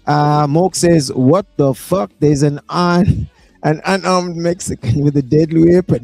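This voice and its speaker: Animated South African reaction host with a gravelly voice and a dry sound; he drawls slowly, then breaks into whoops. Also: fairly high pitch, dry recording. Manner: animated, bursts into shouts and whoops. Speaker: reaction streamer. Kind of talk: live reaction commentary.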